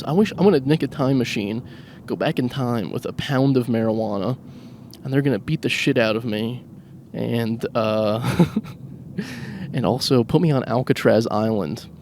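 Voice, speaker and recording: A man's voice: medium pitch, gravelly, darkish tone, slight background noise. Rambling self-mocking man in a car. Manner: rambling, self-mocking, laughs at his own jokes. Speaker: podcast host. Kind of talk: solo rambling comedic monologue. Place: inside a car, driving.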